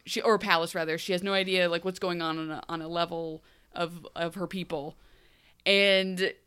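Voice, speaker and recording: A woman co-hosting a podcast, chatting casually about a TV show, laughing often and acting out characters in quick asides. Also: fairly low pitch, fairly even intonation, a bit bright, smooth. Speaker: podcast co-host. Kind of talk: casual chat recapping a TV show.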